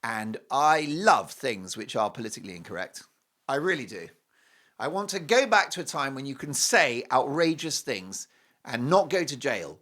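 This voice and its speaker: Male talk-show host, animated and playful, bright tone, pitch jumping all over. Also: normal speed. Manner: animated, jokey, breaks into singing.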